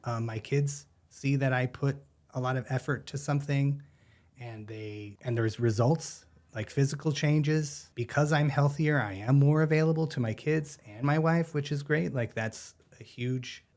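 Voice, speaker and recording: A man's voice: medium pitch, moderate pace. A man in his thirties, a gym member and podcast guest, chatting casually and laughing easily. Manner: relaxed, easygoing, laughs often. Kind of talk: casual interview chat.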